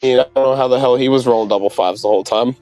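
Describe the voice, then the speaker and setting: A man's voice: medium pitch, fairly even intonation, racing, warm tone, soft background music. A man chatting casually as a player at a tabletop game, laid-back and joking.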